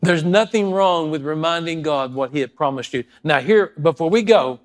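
Male pastor preaching, fairly high voice, goes from hushed prayer to loud fired-up bits, does little character voices. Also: moderate pace, faint music behind. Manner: builds from quiet prayer to loud, fervent preaching; acts out scripture and stories in character voices. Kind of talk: sermon.

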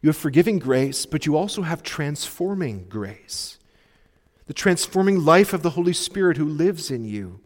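A male pastor preaching a sermon, earnestly urging his listeners and dropping to soft pleas. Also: fairly high pitch, lively intonation, takes it slowly. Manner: earnest, pleading exhortation with sudden soft drops. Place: church sanctuary. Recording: long reverb of a church hall.

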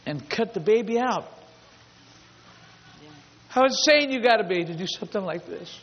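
This pastor's voice sits high and sounds animated as he delivers a storytelling sermon at a moderate pace. Emphatic stories alternate with long repetitive lists, captured in a dull lo-fi recording that echoes with long hall reverb.

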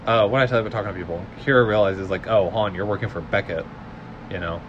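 A man's voice: on the low side, quick pace, muffled recording, background noise. A man co-hosting a podcast, casually recapping a film in a rambling way, full of fillers and quoted lines. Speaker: podcast co-host.

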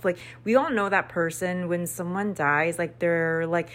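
A woman's voice: lowish voice, moderate pace, few pauses. A woman casually recapping a book, chatty and slangy, full of "like" and the odd swear word. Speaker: book reviewer.

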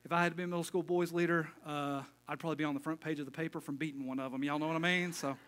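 A middle-aged man preaches a relaxed, folksy sermon as pastor. He jokes with the congregation between his points. His voice sits a little high and sounds bright and clear. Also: rapid-fire. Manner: folksy, joking asides, casual sermon talk.

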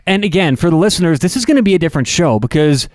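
A man co-hosting a casual sports podcast, telling animated stories and mimicking fans. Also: on the high side, very fast, no echo, clean studio sound. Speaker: podcast co-host.

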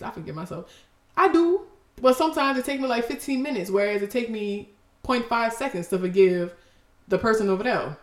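A woman's voice: mid-range voice, echoey room. A woman hosting a faith podcast, speaking expressively and emotionally, laughing through tears. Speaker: podcast host.

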